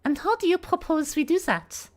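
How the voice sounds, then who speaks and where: A woman's voice: extremely high pitch, big pitch swings, normal speed, voice pushed up. A woman voicing a formal, poised young character in a raised voice, practicing lines on stream. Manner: stiff, formal delivery.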